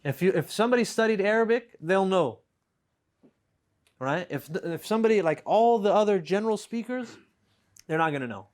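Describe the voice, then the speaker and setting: Patient Arabic teacher explaining grammar. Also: male voice, sits high, animated, a little fast, long pauses, darkish tone. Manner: patient, explains with repeated examples and checks "right?". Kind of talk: classroom lesson.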